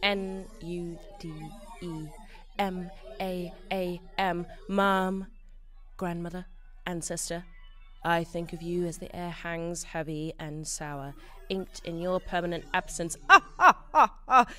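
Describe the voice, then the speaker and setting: Mulher recitando poesia, lenta e lírica. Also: female voice, on the low side, flat delivery, soft background music. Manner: slow, repetitive, lyrical. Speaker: spoken word poet. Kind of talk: spoken word poetry performance.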